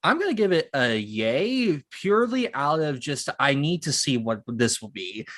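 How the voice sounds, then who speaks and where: A man's voice: a little high, sing-song, moderate pace, fairly bright tone. Easygoing male podcast co-host. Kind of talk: casual chat.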